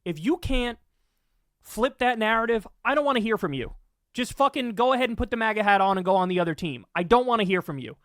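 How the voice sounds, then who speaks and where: A man's voice: sits high, expressive, quick pace, a bit bright, dry recording, studio quality. Profane, ranting male commentator. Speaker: political commentary host. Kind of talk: heated political commentary.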